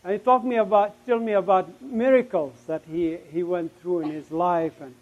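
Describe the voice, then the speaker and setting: A middle-aged man telling his testimony as a story. He speaks emphatically and acts out the remembered conversations, dropping suddenly to a hush at times. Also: sits high, fairly even intonation, moderate pace. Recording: dull, lo-fi recording.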